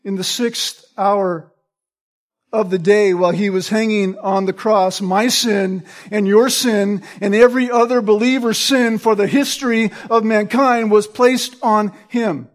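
A man's voice: high-pitched, steady tone, unhurried. A man preaching a sermon. He quotes scripture by chapter and verse and stresses key phrases by repeating them.

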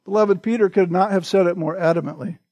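A man with a notably high voice delivers a Bible-teaching sermon. He talks conversationally and keeps tossing in a questioning "right?" to his listeners. The sound is close and dry, with no room echo. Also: fast, a little mellow. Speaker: preacher.

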